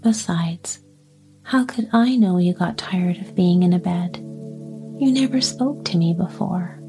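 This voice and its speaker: A woman's voice: lowish voice, unhurried, music in the background. Woman whispering an earnest young boy, whispered role-play. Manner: earnest, aggrieved.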